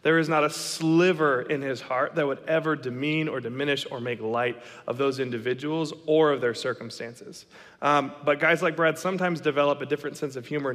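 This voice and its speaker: A man in his thirties telling a story to an audience, animated and dramatic, acting out the lines of the people in it. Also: mid-range voice. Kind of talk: storytelling talk. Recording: long reverb of a hall.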